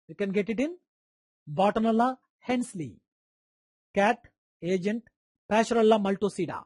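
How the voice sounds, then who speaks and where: A man's voice: sits high, expressive, measured pace, long pauses, a little mellow, no echo. Indian guy lecturing med students, repeats terms, calls on students, dry close sound. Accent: Indian English. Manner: quizzing students by name, repeating terms for emphasis. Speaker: medical lecturer. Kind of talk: online medical lecture.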